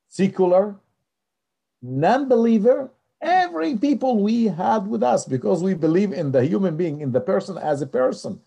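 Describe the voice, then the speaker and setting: A man from Israel, a religious leader and peace activist, telling stories in an interview in animated, hesitant, non-native phrasing. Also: high-pitched, vocal fry, husky.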